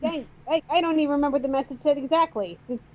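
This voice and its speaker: A woman's voice: sits high, very fast, darkish tone. A woman hosting a casual group chat, restarting her sentences with frequent stammers. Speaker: artist and channel host. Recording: dull lo-fi sound.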